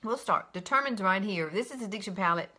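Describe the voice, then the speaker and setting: A woman, hosting a casual live makeup tutorial, chatting and greeting viewers by name in a high sing-song. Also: animated, fast talker, bright, forceful tone. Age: 50s.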